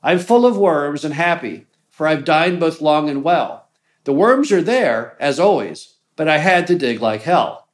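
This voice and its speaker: A man reading aloud as a wise, hardworking old hen who answers calmly, in a measured storytelling voice. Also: a little high.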